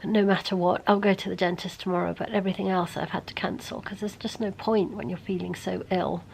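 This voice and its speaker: Hoarse, ill woman vlogger. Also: fairly even intonation, fairly quick, a little mellow, rough recording. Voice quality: gravelly. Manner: low, tired, often half-whispered. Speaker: beauty vlogger. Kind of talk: casual vlog chat to camera.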